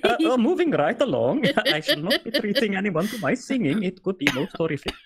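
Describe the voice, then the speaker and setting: A woman's voice: medium pitch, sing-song, a little fast, husky. A woman with a Norwegian accent, a native Norwegian speaker, co-hosting a casual podcast chat in formal, precise English. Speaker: co-host teaching words.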